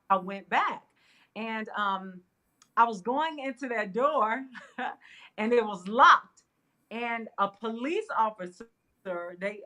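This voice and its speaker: A middle-aged woman, a guest on an interview show, telling a personal story in a casual, animated way with frequent laughs. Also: mid-range voice. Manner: animated, laughs often, fillers like "you know". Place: interview studio.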